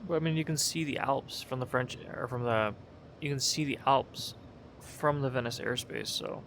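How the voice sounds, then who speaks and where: A man's voice: mid-range voice, moderate pace, a bit bright, slight background noise. A young man casually commenting while flying in a game, rambling, correcting himself, and sounding half awake. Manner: rambling, self-correcting, sleepy. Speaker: gaming video creator. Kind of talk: casual live commentary over a flight game.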